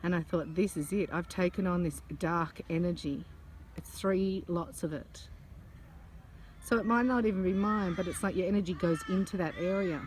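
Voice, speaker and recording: A woman and psychic channeler, telling a personal story in a chatty, animated way outdoors. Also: mid-range voice, slight background noise. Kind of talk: casual storytelling vlog. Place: outdoors among butterflies.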